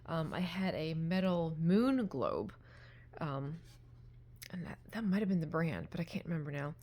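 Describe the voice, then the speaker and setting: Woman vlogger, low-ish voice, casual and rambling, soft near-whispered asides, phone held close. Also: lively intonation, moderate pace, slight background noise. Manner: chatty and rambling, often trailing into soft half-whispers. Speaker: vintage-haul vlogger. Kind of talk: casual show-and-tell vlog. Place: at home.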